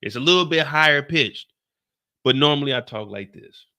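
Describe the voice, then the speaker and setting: A young man from Kansas City hosting a casual livestream, talking loud and jokey and pushing his voice up to entertain. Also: fairly high pitch, animated, moderate pace. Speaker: host of a TV show recap livestream.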